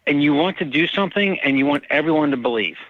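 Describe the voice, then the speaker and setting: A man, an author, telling personal stories in casual conversation and lively acting out the people in them. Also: on the high side, quick pace, no room sound, narrow, tinny audio. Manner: animated, acts out quoted people. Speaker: author guest. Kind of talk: casual storytelling.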